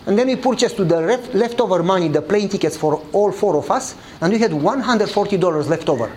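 At a brisk pace, a man with non-native English grammar tells a story during a sermon, acting out dialogue as an animated storyteller with changing pitch. He is a pastor, and the recording is rough with slight background noise.

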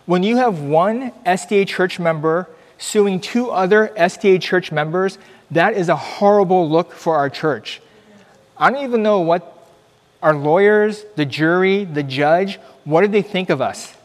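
A middle-aged man, a doctor, giving an earnest, conversational testimony talk at church with animated storytelling. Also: sits high, unhurried, long reverb tail. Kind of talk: church presentation, personal testimony.

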